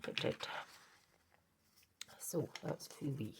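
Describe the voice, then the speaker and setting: A woman's voice: drawn-out words, slight background noise. A woman hosting a craft video, chatting in a rambling way and correcting herself as she works, with a sweet in her mouth against a cough. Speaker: craft channel host. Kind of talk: casual crafting demonstration.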